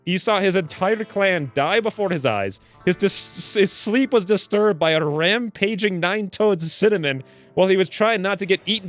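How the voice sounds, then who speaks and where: Upbeat male gaming host, swinging pitch, joking running commentary. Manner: animated, jokey, puts on squeaky character voices. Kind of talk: let's play commentary.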